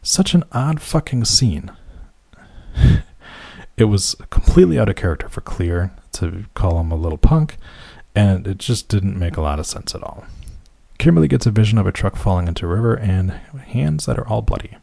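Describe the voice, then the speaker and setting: A man's voice: on the low side, big pitch swings, moderate pace, creaky, dark tone, no room sound. A man recapping a film scene by scene in casual commentary, with wry, sarcastic and profane asides. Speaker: movie recap narrator.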